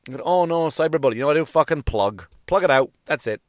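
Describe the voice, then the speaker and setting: A man's voice: medium pitch, animated, quick pace, dry recording. Profane ranting male comedian, dry sound. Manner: profane, emphatic, repetitive. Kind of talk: solo comedic rant.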